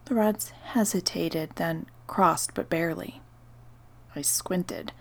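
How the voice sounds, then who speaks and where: A woman narrating a first-person story in a soft, partly whispered voice. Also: low-pitched, slow pace, gravelly.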